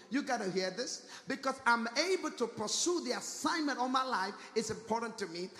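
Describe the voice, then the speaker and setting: A man with a strikingly high voice preaches a fervent sermon, repeatedly calling out to his congregation with rhetorical questions. The sound carries the roomy echo and long reverb of a church hall. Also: fairly bright tone. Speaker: pastor.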